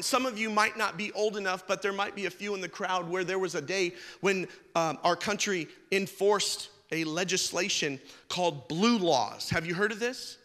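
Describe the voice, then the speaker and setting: A high, bright male voice preaching with a joking, conversational touch. His words ring out with a long hall reverb behind them, and he shifts easily between stories and the message. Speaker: pastor. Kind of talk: sermon with humorous stories.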